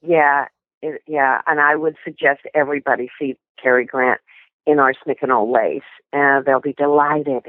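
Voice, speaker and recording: A woman's voice: very deep voice, normal speed, no room sound. Older woman telling stories over a phone line. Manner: animated anecdotes with many restarts. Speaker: guest. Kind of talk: storytelling interview.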